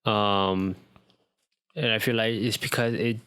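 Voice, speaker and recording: A man's voice: on the low side, steady tone, slow pace, bright, forceful tone, smooth, dry recording. A young man co-hosting a podcast, chatting casually and rambling with lots of ums and restarts. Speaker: podcast co-host. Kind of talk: casual chat.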